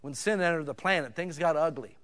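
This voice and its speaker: A man preaching a sermon in a folksy, conversational way, swinging between loud emphatic bursts and quiet asides. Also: on the high side, a little fast. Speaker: pastor.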